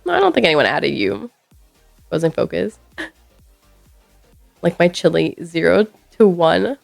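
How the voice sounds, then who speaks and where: A woman's voice: fairly low pitch, very animated, a little slow, creaky, soft background music. A woman streamer chatting casually with her viewers, rambling and reacting playfully to chat messages. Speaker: live streamer.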